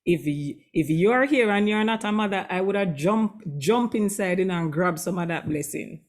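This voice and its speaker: A woman's voice: mid-range voice, animated, moderate pace. A woman hosting an online school concert. She is effusive and chatty, gushes openly about the performances, and reads guest introductions. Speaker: concert emcee.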